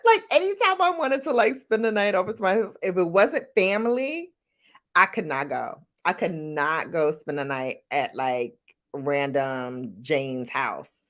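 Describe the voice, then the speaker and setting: Lively, low-voiced middle-aged woman vlogger. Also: moderate pace. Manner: animated, laughing, jumps into high-pitched quoted voices. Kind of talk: casual chat answering viewer questions.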